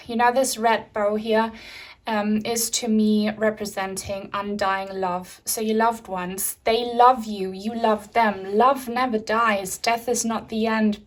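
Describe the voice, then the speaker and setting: Slow, soothing woman giving a tarot reading. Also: mid-range voice. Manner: soft, slow and soothing, with gentle repeated reassurances. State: a little out of breath. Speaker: tarot reader. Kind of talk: spiritual tarot reading to camera.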